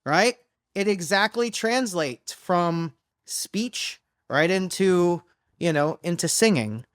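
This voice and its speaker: A man who coaches singers, explaining in a loose, halting way during a casual podcast interview. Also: high voice, expressive, fairly bright tone, dry recording, clean studio sound. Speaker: vocal coach. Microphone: studio microphone.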